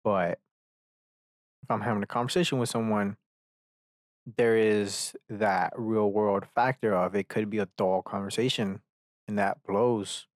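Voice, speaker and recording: A man's voice: fairly low pitch, fairly even intonation, unhurried, pauses often, dry recording, studio quality. A man hosting a solo podcast, rambling, swearing freely and breaking off to mock himself. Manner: rambling and profane, self-mocking asides. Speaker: podcast host.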